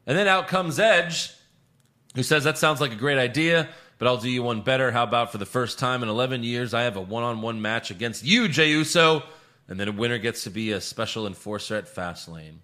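Podcast co-host, male, bright edge, sarcastic and profane casual recap. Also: medium pitch, lively intonation, brisk. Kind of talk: casual wrestling recap chat.

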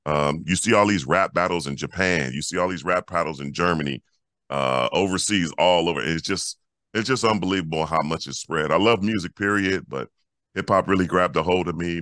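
A man in his fifties from Los Angeles, a co-host telling stories in a lively, repetitive way on a casual podcast. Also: a bass voice, brisk, dry recording, studio quality. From Los Angeles, USA. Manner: animated storyteller, repeats words when excited. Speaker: co-host, former pro basketball player.

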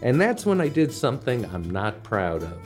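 Wry, animated comic storyteller man. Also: mid-range voice, normal speed, soft background music. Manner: wry, self-deprecating. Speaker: comedian storyteller. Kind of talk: comedic storytelling monologue.

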